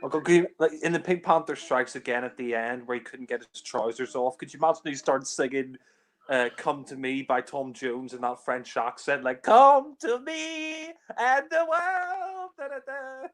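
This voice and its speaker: A man's voice: medium pitch, fairly even intonation, normal speed. A man giving casual, joking film commentary with blunt remarks.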